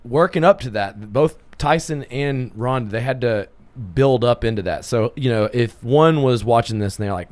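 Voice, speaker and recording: A man hosts a podcast in an easygoing, casual way. He throws in quick reactions and swears offhandedly, then asks his guest questions. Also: mid-range voice, darkish tone. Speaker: podcast host. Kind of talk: casual interview chat.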